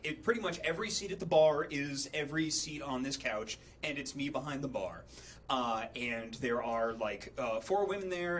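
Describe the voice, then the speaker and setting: A man's voice: medium pitch, fairly bright tone, a little hiss or hum. A man casually telling a story, hesitant with many fillers, acting out the people he quotes. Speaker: storyteller on a charity livestream.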